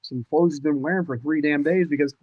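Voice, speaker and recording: Man, podcast guest, higher voice, animated storyteller who curses freely, dull and dry sound. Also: fairly quick, no echo. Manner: animated, excitable storytelling with casual cursing. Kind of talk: casual storytelling chat.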